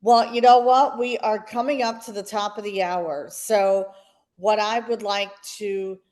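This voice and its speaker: A woman's voice: mid-range voice, steady tone, measured pace, a little mellow. A woman hosting an interview show, reacting and wrapping up the segment. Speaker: talk show host.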